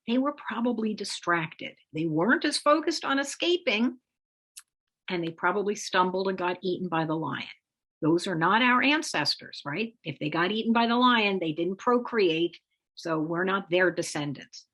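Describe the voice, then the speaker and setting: Husky-voiced woman teaching calmly. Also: medium pitch. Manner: measured, explanatory delivery with occasional lively emphasis. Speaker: parenting coach presenting a webinar. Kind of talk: instructional talk with demonstration phrases.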